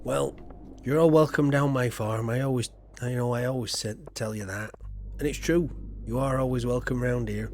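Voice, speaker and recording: A man's voice: medium pitch, fairly even intonation, normal speed, a little mellow, slight background noise. Chatty English man streaming a farming game. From Yorkshire, England. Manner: rambling, chatty, self-deprecating, lots of fillers. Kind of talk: casual chat while playing a game.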